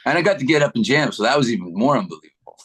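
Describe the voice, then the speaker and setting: A middle-aged man from Canada, a guitarist being interviewed, chatting in a relaxed, rambling way with many restarts. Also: mid-range voice, very fast, husky. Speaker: guitarist guest. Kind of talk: casual interview chat.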